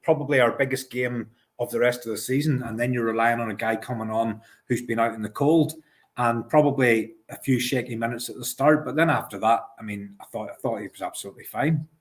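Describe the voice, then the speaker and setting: A man co-hosts a football podcast at a plain middle pitch. He weighs his points carefully and often stops to restart a sentence. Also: brisk. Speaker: podcast co-host. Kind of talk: casual football chat.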